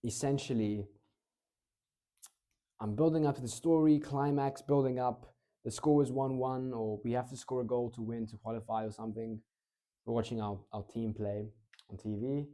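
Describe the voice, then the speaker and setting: Animated male speaking coach, mellow voice. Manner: animated, swings between high excited and low slow voice. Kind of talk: casual teaching monologue. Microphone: clip-on mic.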